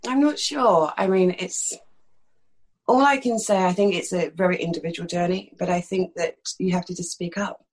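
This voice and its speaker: A middle-aged actress from East London with a slight lisp, telling frank, animated stories in a candid interview. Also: female voice, lowish voice, normal speed, slightly rough, low-quality recording. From East London, England. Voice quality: slight lisp that sometimes creeps in. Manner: frank, animated storytelling with many fillers.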